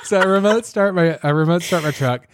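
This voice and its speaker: A male podcast host telling a story in a casual way, animated, laughing and making joking asides. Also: high-pitched, brisk, very noisy.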